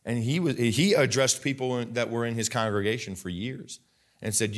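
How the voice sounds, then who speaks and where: Young male pastor, sermon delivery, emphatic rising bursts, restarts mid-sentence; mid-pitched. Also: moderate pace. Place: church sanctuary.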